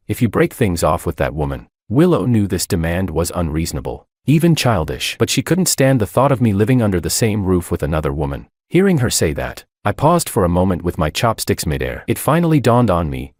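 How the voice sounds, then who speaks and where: A man's voice: deep voice, very animated, brisk, few pauses, a little mellow, dry recording, studio quality. A man narrating a romance story in first person with dramatic, scripted delivery.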